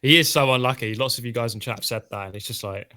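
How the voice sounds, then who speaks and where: Bright-voiced man chatting race. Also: medium pitch, fast talker. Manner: chatty, reads viewer tweets aloud. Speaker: stream co-host. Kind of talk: casual live race watch-along chat.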